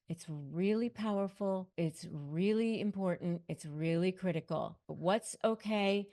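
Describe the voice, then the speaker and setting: A middle-aged woman who is a lawyer and negotiation coach speaks straight to the camera, giving emphatic advice that keeps repeating itself. Her voice sits on the low side with a darkish tone.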